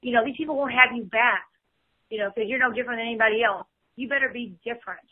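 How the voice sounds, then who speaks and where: A woman's voice: a little high, very fast. A woman in her fifties, a podcast guest speaking in casual chat, full of "you know" fillers. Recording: tinny phone line.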